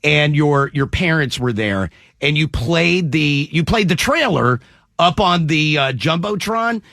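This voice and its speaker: A man's voice: a little high, expressive, a little slow, creaky, a bit bright, dry recording, clean studio sound. A man hosting a morning radio show, eagerly asking a guest questions with frequent restarts. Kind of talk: casual radio interview.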